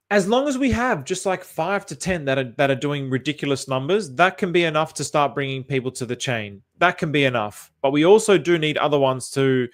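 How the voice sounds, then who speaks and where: An Australian man chatting casually on a livestream, thinking aloud with lots of fillers and restarts as he reacts to viewer comments. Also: mid-range voice. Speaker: crypto chart commentator.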